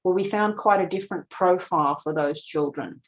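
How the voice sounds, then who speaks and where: Middle-aged female presenter, lower register, steady explanatory conference-talk delivery. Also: normal speed, a little hiss or hum, low-quality recording. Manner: explanatory, slips into quoted voices of parents. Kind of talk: lecture presentation.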